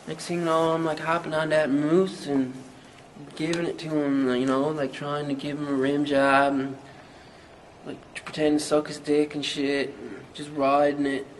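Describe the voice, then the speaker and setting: A man's voice: fairly high pitch, little pitch movement, moderate pace, a little hiss or hum, close to an everyday voice, poor audio. A man with a Newfoundland accent playing a crude, boastful young rapper, telling a rambling, profane story in a mockumentary interview.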